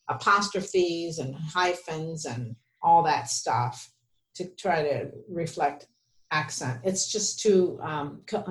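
A podcast co-host with a low voice explains writing rules in a conversational, teaching style, offering rules of thumb. The room sounds echoey.

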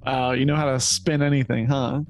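A man's voice: medium pitch, flat delivery, fairly quick, a little mellow, soft background music. A man co-hosting a comedy podcast, playful and laughing often in casual chat. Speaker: podcast co-host.

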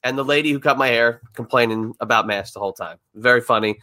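A man co-hosting a podcast, telling anecdotes casually and acting out what people said. His voice is bright and forceful at a middle pitch. He keeps it easygoing and joking, recorded dry and close. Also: quick pace, no room sound. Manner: easygoing, joking, acts out quotes. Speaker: podcast co-host. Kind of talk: casual chat, storytelling.

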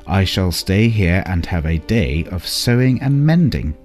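A trusting, cheerful little female mouse from a bedtime story, as a man reading aloud puts her on. Her voice is gentle and raised well above the reader's low natural voice. Faint music is heard behind. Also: expressive, measured pace.

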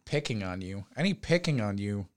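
A man's voice: on the low side, big pitch swings, normal speed, darkish tone. A man hosting a podcast in casual chat, blunt and profane, with lots of fillers. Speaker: podcast host.

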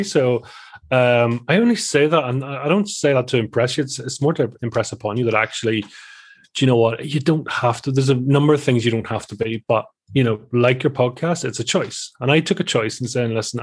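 A man's voice: mid-range voice, brisk. A man in his forties with a Northern Irish accent, chatting and rambling as a podcast guest. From Northern Ireland. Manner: chatty, rambling, restarts often. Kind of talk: casual interview chat.

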